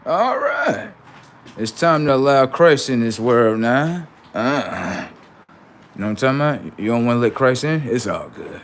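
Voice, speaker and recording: A man's voice: mid-range voice, expressive, normal speed, a little hiss or hum. A man hosting a livestream, preaching in a confrontational way with rhetorical questions and street slang. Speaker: livestream host.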